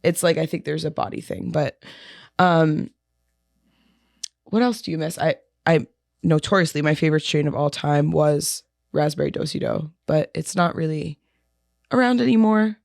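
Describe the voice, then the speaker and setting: Lower-pitched laid-back woman podcaster. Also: normal speed, gravelly, darkish tone, no room sound, studio quality. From New York area. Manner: laid-back, laughs often, many fillers. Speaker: podcast co-host. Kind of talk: casual chat.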